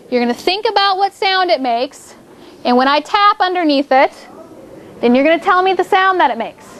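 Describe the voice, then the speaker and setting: A woman's voice: sits high, fairly bright tone, a little hiss or hum. A woman teacher leading a classroom phonics lesson, upbeat and coaxing, making the drill into a playful points game.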